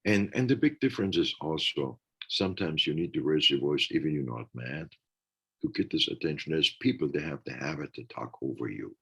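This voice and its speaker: A man's voice: very deep voice, animated, brisk, gravelly, fairly bright tone, husky, low-quality recording. A man talking earnestly in a reflective podcast conversation, acting out the remarks he quotes.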